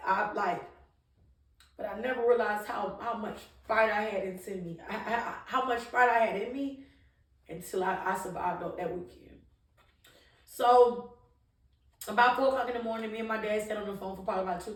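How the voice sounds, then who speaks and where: A woman's voice: mid-range voice, steady tone, normal speed, distant mic. A woman speaking a little away from the mic in a roomy, echoey space. She tells a candid personal story in an emphatic, chatty way. Her sentences often restart. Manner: emphatic, conversational, with frequent restarts and laughs. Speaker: vlogger telling her birth story.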